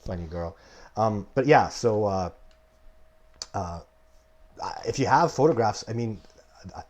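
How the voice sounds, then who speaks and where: A man's voice: fairly low pitch, animated, takes it slowly, darkish tone. Rambling man in his forties, live. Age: 40s. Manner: rambling, emphatic, goes off on tangents. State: coughing now and then. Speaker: host answering viewer questions. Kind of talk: live-stream casual talk.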